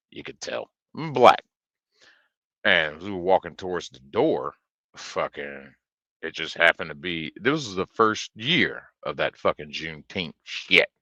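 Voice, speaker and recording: A man telling a rambling story on a stream, swearing freely and filling gaps with ums. His voice is deep and his pace is slow. The tone is bright and forceful. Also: creaky, no room sound, lo-fi sound. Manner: profane, rambling, with many fillers. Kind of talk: casual storytelling chat.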